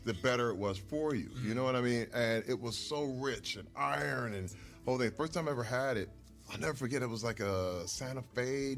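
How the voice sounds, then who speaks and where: A middle-aged man talks over a meal at a mid pitch, spinning animated stories and laughing often. His voice sits at an ordinary level for a man. Faint music plays underneath. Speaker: guest, retired football player. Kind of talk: casual storytelling over a meal.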